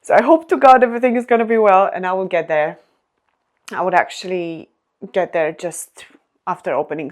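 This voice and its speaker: A woman's voice: lowish voice, darkish tone. A woman travel vlogger talking casually and with enthusiasm, laughing often, partly while walking outdoors through a rainy garden. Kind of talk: casual vlog talk and voice-over narration.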